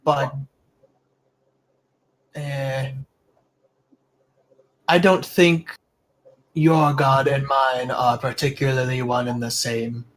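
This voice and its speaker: A man voicing a shrewd little male kobold jewel merchant who haggles with smooth, mock-courteous politeness. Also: mid-range voice, little pitch movement, extremely slow, pauses often. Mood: sly.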